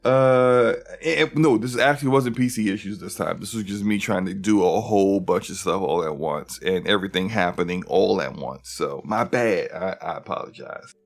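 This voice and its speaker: Upbeat low-voiced man hosting a stream. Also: moderate pace, hardly any pauses. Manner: chatty, rambling with restarts, upbeat. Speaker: podcast host. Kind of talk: casual livestream chat.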